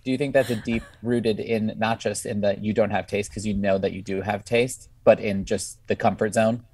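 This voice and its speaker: Husky-voiced man asking probing questions. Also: lowish voice, steady tone, moderate pace, darkish tone, no echo. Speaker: guest, manager. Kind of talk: casual chat.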